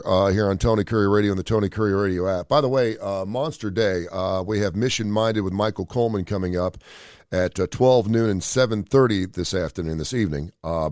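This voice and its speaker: Middle-aged man, low-voiced morning radio host, rambling chatty delivery in a dry home studio. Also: dry recording. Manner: rambling, energetic, many fillers and restarts.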